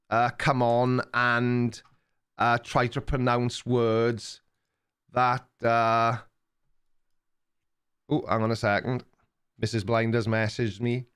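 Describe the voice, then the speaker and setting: A man's voice: mid-range voice, clean tone. An older man with a Welsh accent, hosting a live stream and chatting casually with viewers in a rambling, teasing way. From Wales. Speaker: livestream host reading chat.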